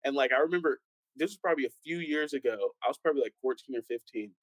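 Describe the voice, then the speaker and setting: A man's voice: medium pitch, fast talker, no room sound, rough recording. A young man and pastor's son telling stories in a casual panel chat, acting out the people he quotes. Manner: animated storyteller, acts out quoted voices.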